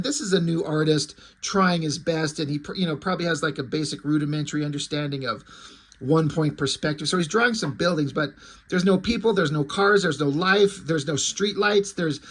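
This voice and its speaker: A man's voice: fairly high pitch, fairly bright tone, slightly rough. A man giving casual, sarcastic and profane commentary while reviewing a comic book, with a rambling way of talking.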